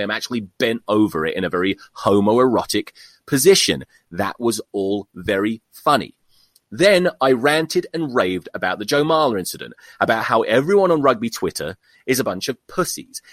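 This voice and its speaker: A man's voice: medium pitch, no room sound. A man hosting his own solo podcast, ranting with profanity and self-mocking humor. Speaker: podcast host.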